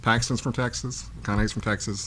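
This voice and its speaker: Blunt male podcast guest, bright edgy voice, faint noise behind. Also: fairly low pitch, flat delivery, fast talker, poor audio. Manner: blunt, opinionated. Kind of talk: casual chat.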